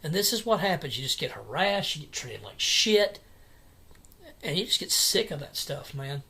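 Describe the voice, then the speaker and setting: A man in an angry personal vlog rant at home at night, agitated and repetitive, with halting restarts. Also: fairly high pitch, very animated, sharp tone, slightly rough. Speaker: vlogger.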